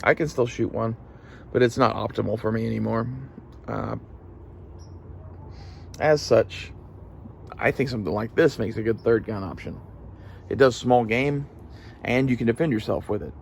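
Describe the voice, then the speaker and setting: A man vlogging in a casual, rambling way, swearing freely and filling pauses with "uh" and "you know". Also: on the low side, vocal fry, slight background noise. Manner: casual, profane, rambling with fillers. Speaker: gun channel vlogger. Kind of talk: casual rambling gear talk.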